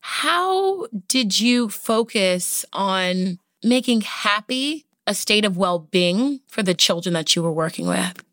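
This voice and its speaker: A woman's voice: medium pitch, big pitch swings, slow pace, few pauses, a bit bright, no echo, clean studio sound. A woman hosting a podcast interview, asking reflective, encouraging questions. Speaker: podcast host.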